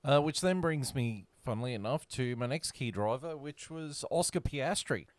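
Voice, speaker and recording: A man's voice: mid-range voice, lively intonation, normal speed, no echo. A man hosting a casual podcast chat, blunt and stumbling over his restarts as he leads into news items.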